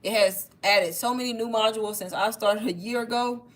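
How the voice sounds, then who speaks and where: A woman talking casually on a livestream, pitching online courses, slightly out of breath and calling her viewers "y'all". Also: fairly even intonation, normal speed. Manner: chatty, addresses viewers as y'all. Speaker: online marketing creator. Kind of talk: casual livestream sales talk.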